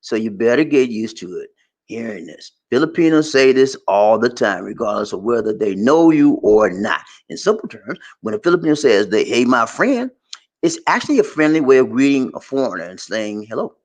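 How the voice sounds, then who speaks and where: Animated American man telling stories. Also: medium pitch, brisk. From United States. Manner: animated storytelling, laughs often. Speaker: vlogger. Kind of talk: casual advice monologue.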